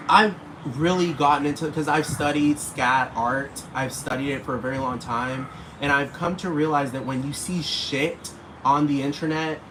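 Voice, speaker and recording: A guy with a medium-pitched voice rants casually on his vlog, swearing a lot and rambling. He talks straight at the people he's targeting, and the recording has a noisy background hiss.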